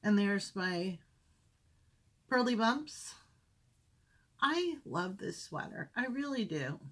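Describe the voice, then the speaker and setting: A woman's voice: medium pitch, big pitch swings, slow, a bit bright. A woman hosting a crafting podcast at home, chatting casually and rambling as she shows her projects. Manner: chatty, rambling, self-correcting. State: briefly out of breath. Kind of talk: casual chat. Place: home craft room with windows.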